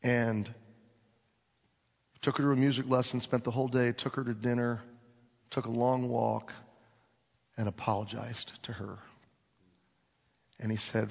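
A man preaching a sermon, telling a story and acting out the dialogue with lively swings in voice. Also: mid-range voice, unhurried, gravelly, pauses often, husky. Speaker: pastor. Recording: long reverb of a large hall.

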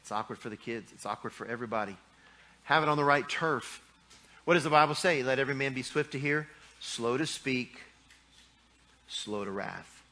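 A man's voice: medium pitch, bright, forceful tone. A middle-aged man preaching a sermon in a folksy, joking way, acting out little scenes from married life. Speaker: pastor.

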